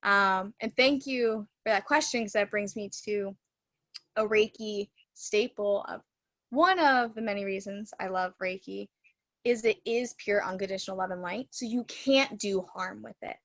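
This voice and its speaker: She is a woman who teaches Reiki and speaks on a webinar from home through a video call. Her talk is loose and chatty, peppered with "like" and "you know." The sound is close and dry, at an ordinary middle pitch. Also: unhurried, fairly bright tone, no echo. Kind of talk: casual storytelling in a webinar.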